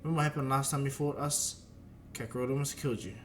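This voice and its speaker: A man's voice: medium pitch, fairly even intonation, quick pace, a little hiss or hum, lightly acted. A man voicing a proud, scornful alien warrior prince in a spoken fan retelling, talking curtly. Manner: scornful, curt.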